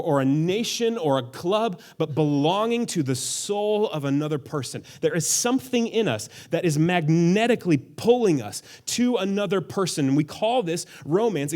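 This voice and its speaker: A young man preaching a sermon in a church, playful and animated, often acting out quoted lines in funny voices. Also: fairly high pitch. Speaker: pastor. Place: church auditorium.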